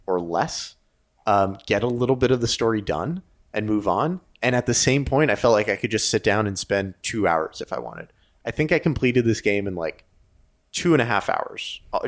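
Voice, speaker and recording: Relaxed low-voiced man. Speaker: podcast co-host. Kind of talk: casual chat about a video game.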